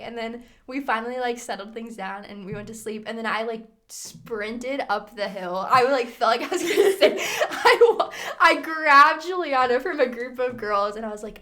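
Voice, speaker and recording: A young woman with a somewhat high-pitched voice co-hosts a casual podcast. She tells stories in an animated, giggly way, acting out the quoted dialogue as she goes. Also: fairly quick. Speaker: podcast co-host. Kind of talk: casual storytelling.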